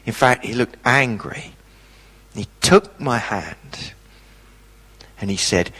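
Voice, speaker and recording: A man preaching a sermon, telling a personal story with dramatic pauses. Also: medium pitch, animated, pushed and bright, slightly rough, in a large hall.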